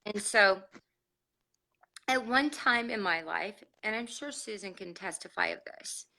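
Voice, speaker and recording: A woman life coach opening a live online masterclass over a video call, excited and emotional, laughing often. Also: mid-range voice, unhurried, low-quality recording.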